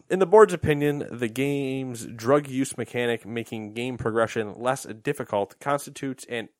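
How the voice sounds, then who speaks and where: A man's voice: mid-range voice, no echo, clean studio sound. A man co-hosting a casual gaming news podcast, joking and swearing while he reads out news items. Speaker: podcast co-host.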